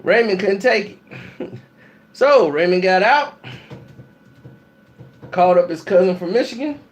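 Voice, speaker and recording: A man telling a funny story, laughing often and acting out the people in it with shouted lines. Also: sits high, expressive, a little slow, soft background music. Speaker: channel host telling a story. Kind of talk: animated comic storytelling.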